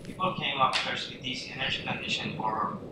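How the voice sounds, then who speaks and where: A man asking a question in a physics seminar, with searching, halting phrasing. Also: mid-range voice. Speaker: student. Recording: distant mic, roomy echo, clear noise.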